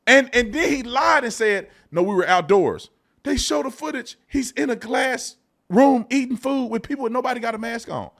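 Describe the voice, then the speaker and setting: A man's voice: extremely high pitch, normal speed, vocal fry, a bit bright. A man giving a combative, scornful political rant as a commentator, talking straight to his viewers. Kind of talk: ranting commentary.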